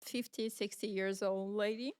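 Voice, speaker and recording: A woman's voice: medium pitch, moderate pace, smooth, no room sound, studio quality. A young woman co-hosting a casual chat podcast, telling stories with lots of laughter. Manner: giggly, animated storytelling. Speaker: podcast co-host.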